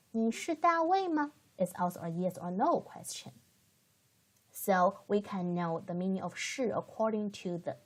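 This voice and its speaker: A woman's voice: mid-range voice, darkish tone. A woman teaching a beginner language lesson in English, patiently explaining step by step and modelling words for learners to repeat. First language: Chinese. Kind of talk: slow, careful language lesson.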